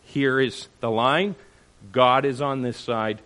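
A man's voice: medium pitch, steady tone, slow, fairly bright tone. A man leading a church group discussion, speaking emphatically and checking in with the group with "all right?" and "okay?". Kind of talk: animated teaching talk to a group.

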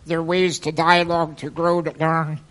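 A man in a church discussion group sharing a personal experience, speaking hesitantly with many pauses and restarts. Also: a little high, flat delivery, a bit bright.

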